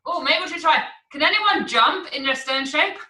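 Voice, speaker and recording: High bright woman coaching kids from afar. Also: moderate pace, slight background noise. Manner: encouraging, counts and calls out moves, makes animal sounds. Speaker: children's acrobatics teacher. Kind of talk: online movement class for children. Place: room at home, video class. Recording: echoey room, distant from the mic.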